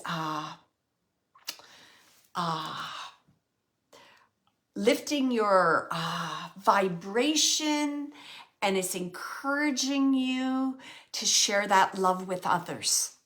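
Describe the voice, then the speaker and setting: Woman, psychic medium, spiritual reading, slow unhurried delivery, searching for words. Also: medium pitch. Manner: halting, searching for words, many pauses and fillers; gentle, relays messages in quotes.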